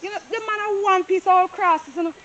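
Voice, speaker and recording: An actress with a Jamaican accent playing a nosy, chatty property surveyor who tells stories in lively Patois. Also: female voice, very high voice, fast talker, highs cut off, crowd noise. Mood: gossiping. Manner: gossipy, animated Patois storytelling. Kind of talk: Jamaican stage-style movie acting.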